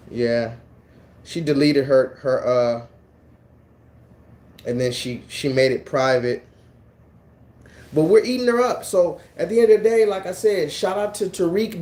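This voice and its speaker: A man hosting a livestream, talking casually in an animated, mocking and then preachy way. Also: a little high. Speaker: livestream host.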